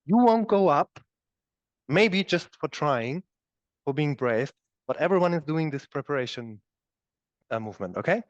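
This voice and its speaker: A man's voice: medium pitch, lively intonation, moderate pace, long pauses, no echo. A man teaching a live yoga class, demonstrating the moves as he explains them and often checking in with "okay?". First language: German. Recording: dull, dry studio recording.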